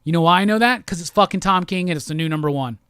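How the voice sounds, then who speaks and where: A man's voice: on the high side, fast, fairly bright tone, smooth, dry recording, studio quality. A man hosting a comic book show, giving a heated, profane review in a rant-style talk. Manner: heated, profane, repetitive ranting.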